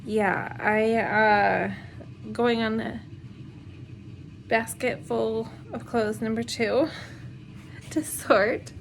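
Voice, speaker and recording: A woman's voice: a little high, fairly even intonation, extremely slow, vocal fry, pauses often, a little hiss or hum, poor audio. A woman in her thirties, a homeschooling mother, rambling casually with many fillers and nervous laughs while doing laundry at home. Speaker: homeschooling mom vlogger. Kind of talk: casual vlog chat.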